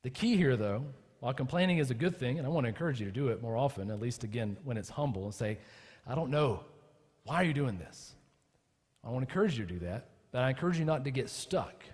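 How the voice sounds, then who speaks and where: A man's voice: medium pitch, expressive, fast, darkish tone, husky, big-room sound. A man preaching a sermon as pastor, talking casually with his congregation and building to impassioned emphasis. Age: adult with children. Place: church.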